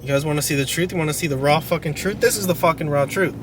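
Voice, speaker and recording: A young man venting angrily to the camera about a bad gym workout, swearing constantly and dropping to a low mutter, with car and street noise behind him. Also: fast, fairly bright tone. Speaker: fitness vlogger. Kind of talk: raw confessional vlog rant. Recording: clear vehicle and outdoor background noise.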